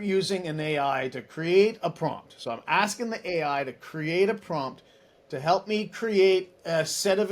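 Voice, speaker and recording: A man in his forties talks as a podcast guest, his voice sitting a little high for a man. He tells stories animatedly, full of asides and restarts, and slips into other voices to act out conversations. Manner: chatty, many restarts and asides. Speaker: guest, tech executive. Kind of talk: casual interview storytelling.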